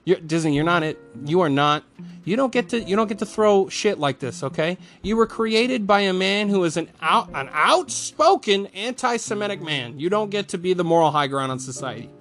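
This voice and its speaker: A man's voice: high voice, animated, moderate pace, fairly bright tone, soft background music. Ranting, profane male movie reviewer. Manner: angry profane ranting with mocking put-on quotes. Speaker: film reviewer.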